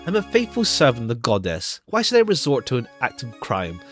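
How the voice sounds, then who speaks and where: A man voicing a haughty, evasive accused official who speaks in a measured way, with music behind. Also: mid-range voice, huge pitch swings. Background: background music.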